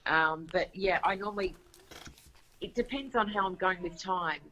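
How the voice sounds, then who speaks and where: A woman with an Australian accent chatting casually as a guest in an interview, easygoing and quick to laugh. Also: lowish voice, sharp tone, slight background noise, low-quality recording. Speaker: guest, home cooking show host.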